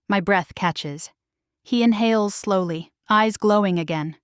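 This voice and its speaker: A woman narrating a romance story in the first person, with slow, measured storytelling on a close mic. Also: on the low side, dry recording. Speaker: audiobook narrator.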